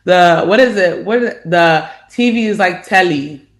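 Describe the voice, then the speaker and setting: An American woman co-hosting a podcast, telling stories in an animated, casual way. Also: on the low side. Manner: animated storyteller, drawn-out complaints. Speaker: podcast co-host. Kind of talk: casual chat.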